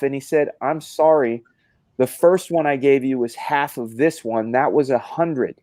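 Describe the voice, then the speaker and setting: A man's voice: mid-range voice, a little slow, a little mellow, no echo. Man, stream host, rambling storyteller, salty language, dead-dry sound. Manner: rambling storyteller, swears freely, many restarts. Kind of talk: casual live-stream chat.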